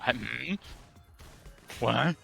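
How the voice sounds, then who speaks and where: A man's voice: medium pitch, very slow, gravelly, over music. A young man in casual chat with friends, quizzing them on monster trivia with enthusiasm and plenty of swearing.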